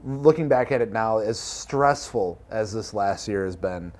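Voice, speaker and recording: A young man co-hosting a podcast in casual chat, easygoing and quick to laugh, with lots of fillers. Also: lowish voice, a little mellow. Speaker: co-founder and podcast co-host.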